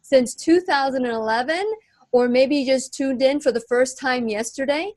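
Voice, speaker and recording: A woman hosting her own radio talk show, speaking in an earnest, slow and emphatic way. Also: high-pitched, darkish tone, dry recording. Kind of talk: warm radio show chat.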